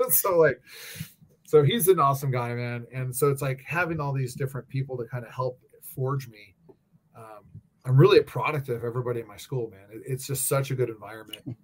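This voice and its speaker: A man's voice: mid-range voice, a little fast. A man in casual conversation telling candid stories about training, peppered with swearing and fillers like "like" and "you know". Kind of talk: casual chat.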